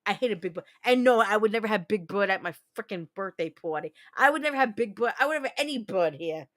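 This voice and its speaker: A woman from New Jersey hosting a casual livestream chat, talking in a rambling, profane way and quick to launch into rants. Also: mid-range voice, expressive, a bit bright. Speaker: livestream host.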